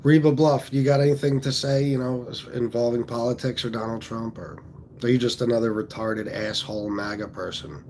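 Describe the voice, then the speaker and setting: A livestream host from Pennsylvania speaks in a mid-range, darkish voice with fairly even intonation and a fairly quick pace, over a little hiss or hum. He's blunt and swears a lot while reading out comments from viewers.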